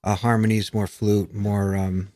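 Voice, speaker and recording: A man's voice: on the low side, flat delivery, a little slow, warm tone. A man from the United States, a musician guest in a casual interview, talking with many fillers and restarts.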